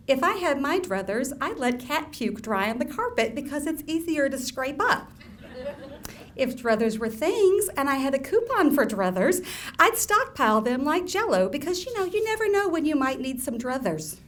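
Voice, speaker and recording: A woman from Alabama, reading her own humorous essays aloud at a live book event in a wry, deadpan way with laughing asides. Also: high-pitched, moderate pace, slight background noise. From Alabama, US Southern. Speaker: author. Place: event room with audience.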